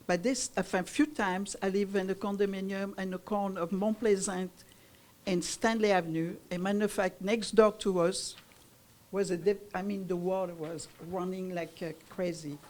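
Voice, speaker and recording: An older woman born in Italy and raised in France, whose first language is Italian, speaks broken English with a French accent. As a resident at a community meeting's public forum, she makes an emphatic complaint in a medium-pitched, steady, slightly mellow voice at normal speed.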